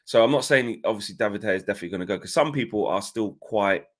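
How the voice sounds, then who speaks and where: A man hosting a casual football news show, chatty and energetic, with frequent fillers and restarts. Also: on the low side, very fast. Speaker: host. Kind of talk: casual football podcast chat.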